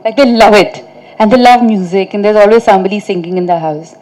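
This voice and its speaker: A fast-talking actress with a medium-pitched, steady, slightly mellow voice tells stories chattily to reporters at a press meet, laughing through her funny anecdotes and often using "like" and "you know." The recording is poor.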